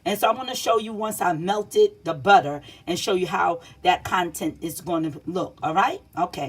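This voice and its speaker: A woman's voice: medium pitch, noisy background. Chatty woman demonstrating in a kitchen. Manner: chatty and repetitive, checks in with "see?" and "all right?"; teacherly, speaks directly to children and teenagers. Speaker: home cook. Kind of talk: casual cooking demonstration. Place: home kitchen.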